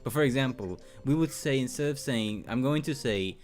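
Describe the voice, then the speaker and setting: A man's voice: medium pitch, expressive, brisk, few pauses, faint music behind. A man hosting a casual group call, laughing often and bantering. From Puerto Rico. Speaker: show host.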